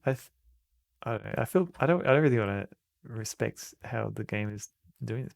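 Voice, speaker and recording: Into a desk mic, an Australian man jokes through an old adventure game and reads its text aloud in casual let's-play commentary. He speaks at a moderate pace in a lowish voice with vocal fry, and the sound is clean studio quality with no room sound.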